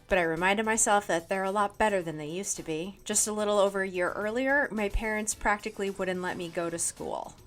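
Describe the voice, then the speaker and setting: A woman co-hosting a comedy podcast, reading a children's novel aloud with animated character voices in the dialogue. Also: mid-range voice, brisk, few pauses, faint music behind. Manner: reads narration and dialogue with animated quoted voices, often laughing.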